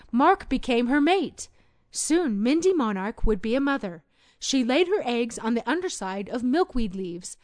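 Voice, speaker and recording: Woman, children's read-along narration, expressive, sing-song, dry close recording. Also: on the high side, dry recording. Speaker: storybook narrator.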